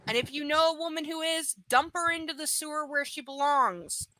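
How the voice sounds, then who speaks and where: A woman's voice: high-pitched, fairly quick, sharp tone, a little hiss or hum, rough recording. A woman reading a romance novel aloud to a live audience, breaking off for frank, profane asides. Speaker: live book reader. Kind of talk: live reading with blunt commentary.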